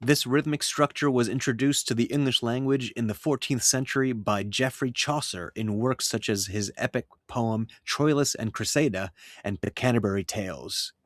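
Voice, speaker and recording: A man gives a scripted poetry lesson in a measured, even delivery. His voice sits at a middling pitch and is recorded dry and close, with no room sound around it. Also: no room sound. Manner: measured, reads verse aloud with rhythm. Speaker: writing teacher.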